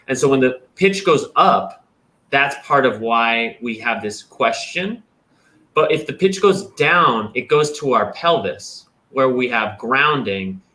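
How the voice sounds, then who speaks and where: A young man hosting a livestream, chatting casually and explaining his ideas with lively vocal demonstrations. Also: medium pitch. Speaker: host.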